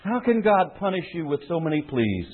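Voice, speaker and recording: A man voicing an aging male crime boss who speaks quietly and gravely. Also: on the high side, sing-song, a little fast. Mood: solemn reassurance. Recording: tinny phone-like sound.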